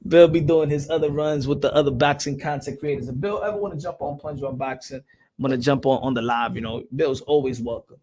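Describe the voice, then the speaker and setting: A man's voice: mid-range voice, steady tone, brisk, darkish tone, husky. A man hosting a casual boxing live stream, talking loosely in slang and muttering to himself while he checks who is on.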